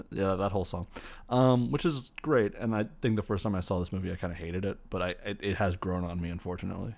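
Gravelly low-voiced man rambling through a recap. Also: steady tone, a little fast, darkish tone. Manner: rambling and jokey, many fillers. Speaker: film recap host. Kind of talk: casual movie recap commentary.

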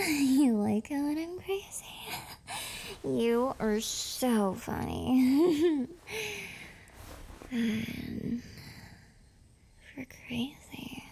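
A young woman voicing a clingy, possessive, obsessive girlfriend in a whispered role-play, with breathy whispers broken by giggles. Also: on the high side, dark tone, exaggerated voice.

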